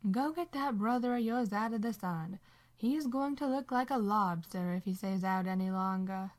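A woman voicing a gentle, teasing old blind woman who speaks fondly and motherly in a storybook reading. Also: medium pitch, moderate pace, close to an everyday voice.

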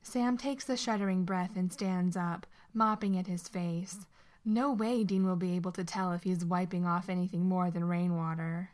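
A woman narrating a story aloud in an expressive, steady way. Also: fairly low pitch, normal speed.

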